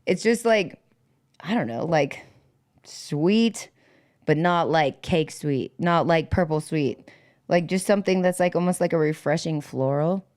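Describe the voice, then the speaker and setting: A woman's voice: deep voice, unhurried, a little mellow. A woman hosting a casual livestream, rambling with lots of fillers, laughing often and greeting viewers in the chat by name. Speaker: livestream host.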